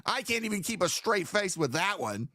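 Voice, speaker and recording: A man's voice: high voice, sing-song, moderate pace, bright, forceful tone, no room sound, studio quality. A man hosting a live stream, talking in a casual, profane, rambling way as he sets up a commentary segment. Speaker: streamer host.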